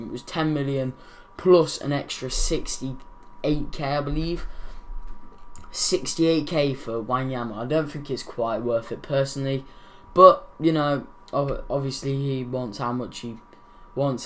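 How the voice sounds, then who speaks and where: A man's voice: medium pitch, fairly bright tone, a little hiss or hum. A young man hosting his gaming channel, casually commenting over football game footage, rambling and correcting his own slips.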